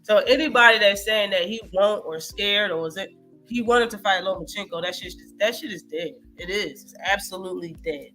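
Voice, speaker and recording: Brief: high, bright-voiced man, streaming host, animated and profane, faint music behind. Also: moderate pace. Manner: animated, profane, reacts to live chat. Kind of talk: casual live-stream boxing talk.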